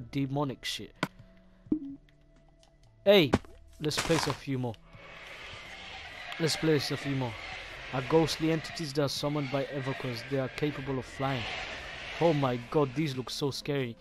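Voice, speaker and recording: Excitable, swearing young gamer man. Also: fairly high pitch. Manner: excitable, swears often, reacts aloud to what he sees. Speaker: gaming YouTuber. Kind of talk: casual gameplay commentary. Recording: game music clearly behind the voice.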